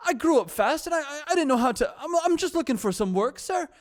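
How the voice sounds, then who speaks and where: A man putting on a rough Irish accent to play a young drifter who is hesitantly looking for work. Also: sing-song. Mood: pleading. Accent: Irish, put on and shaky. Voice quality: high, hesitant and halting.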